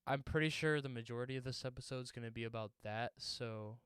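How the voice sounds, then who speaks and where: A man's voice: medium pitch, quick pace, fairly bright tone, smooth, dry recording. A young man co-hosting a podcast, chatting casually and laughing easily. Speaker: podcast co-host. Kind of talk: casual chat.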